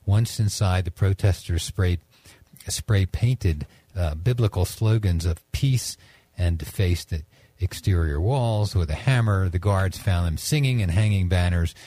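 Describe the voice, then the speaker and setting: A man's voice: low voice, warm tone, dry recording. A man hosting a radio talk show, reading news items with dry, wry commentary.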